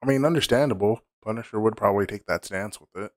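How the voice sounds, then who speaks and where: Guy on a chill podcast, animated, laughing along. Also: on the low side, fast, no room sound, studio quality. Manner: animated, laughs while talking. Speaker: podcast co-host. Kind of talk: casual chat.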